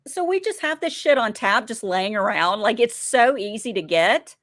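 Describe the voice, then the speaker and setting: A woman co-hosting a casual recap chat, her voice sitting a little high. She retells scenes with animated energy and slips into the characters' lines as she goes. The sound is dry, with almost no room in it. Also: normal speed, dry recording. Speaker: podcast co-host.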